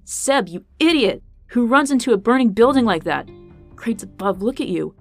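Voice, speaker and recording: A woman's voice: lowish voice, fast talker, dry recording, faint music behind, natural voice. A woman voicing a brash young male warrior who scolds sharply, in a storybook podcast. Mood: scolding.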